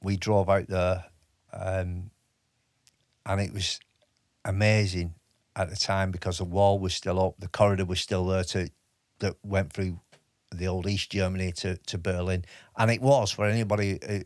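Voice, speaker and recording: A man's voice: low-pitched, steady tone, darkish tone, no room sound, clean studio sound. A man in his fifties, an army veteran, telling stories in a casual interview. He often stops and restarts his sentences. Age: 50s. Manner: halting, with many restarts and fillers. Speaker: podcast guest, army veteran.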